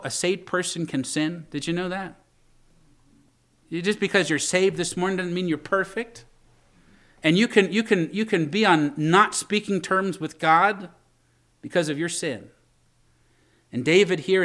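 Reading scripture aloud in old English, a pastor preaches with passion and takes on the pleading voice of David, the repentant king. His voice is fairly high-pitched and a bit bright.

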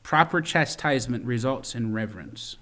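A man's voice: medium pitch, expressive, moderate pace, fairly bright tone. A middle-aged man preaching a sermon as pastor, earnest and full of stories, with frequent stumbling restarts.

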